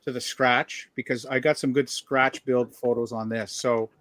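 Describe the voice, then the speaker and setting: A man's voice: medium pitch, fairly even intonation, normal speed, a bit bright, no room sound. Joking male host, dry close sound. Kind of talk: casual chat on a livestream.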